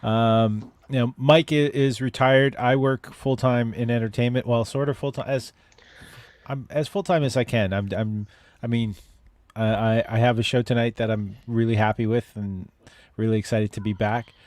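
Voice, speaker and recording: A man hosts a relaxed live chat show over a video call. He jokes with his guests and keeps stumbling into restarts. His voice sits in an ordinary middle register. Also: mid-range voice, normal speed, no echo. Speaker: show host.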